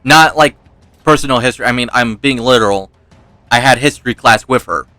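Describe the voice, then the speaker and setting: A man's voice: medium pitch, brisk, sharp tone, dry recording, faint music behind. A man giving casual let's-play commentary, rambling through personal stories, laughing often and swearing freely. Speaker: gaming YouTuber.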